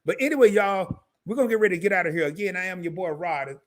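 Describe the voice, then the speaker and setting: A man hosting a live stream, wrapping up the show with loose, slangy banter and quick asides to his viewers. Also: high-pitched, lively intonation, a bit bright. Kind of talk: casual live stream sign-off.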